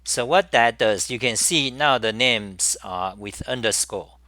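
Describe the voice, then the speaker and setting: A man walks through a live software demo, speaking slowly and stopping often to restart and repeat himself. His voice sits a little low but comes across bright and forward. The recording is dry, with no room sound. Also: no echo. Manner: halting, repeats words and restarts while working. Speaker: programming tutorial host.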